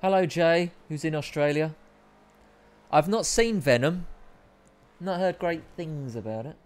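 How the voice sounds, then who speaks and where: A man's voice: a little high, measured pace. A man hosting a live stream, chatting casually with viewers and reading out their comments, with a rambling, self-deprecating manner.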